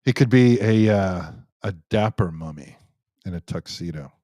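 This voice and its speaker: A man's voice: deep voice, normal speed, dark tone, dry recording. A man hosting a live Q&A stream, chatting casually as he reads out viewer comments and jokes around with many restarts. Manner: rambling and joking, many restarts.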